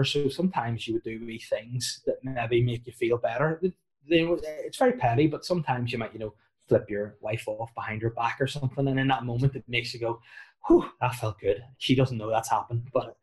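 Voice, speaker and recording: A man in his thirties, a comedian, chats casually with a rambling, self-deprecating style. His voice sits at an ordinary middle pitch, and he tells his stories full of fillers and restarts. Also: steady tone, fairly quick. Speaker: comedian and podcast guest. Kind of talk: casual chat.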